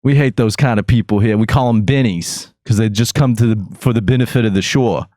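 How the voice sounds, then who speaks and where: A man's voice: on the low side, brisk, warm tone, dry recording, studio quality, lightly acted. A man doing a blunt Jersey local. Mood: dismissive. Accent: New Jersey. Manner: dismissive, blunt.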